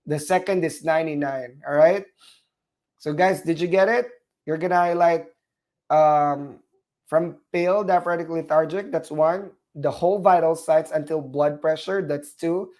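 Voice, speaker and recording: A man's voice: fairly high pitch, steady tone, normal speed, a little mellow. A man with a Filipino accent teaching a live online nursing class, walking students through a case study and checking in often with "all right?". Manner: repetitive, checks in often with "all right?", apologetic about corrections. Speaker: nursing exam instructor.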